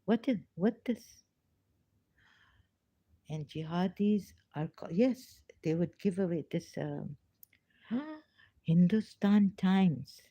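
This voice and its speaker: A woman hosting a casual livestream, reading news aloud in a halting way with many fillers and restarts. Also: fairly low pitch, no room sound. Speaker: livestream host. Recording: dry, slightly dull lo-fi recording.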